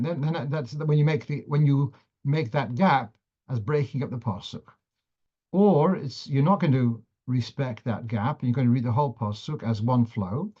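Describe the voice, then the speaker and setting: A man's voice: mid-range voice, dark tone, lo-fi sound. A man teaching a class on the cantillation of Torah readings, who often restarts phrases as he explains and sometimes chants verses.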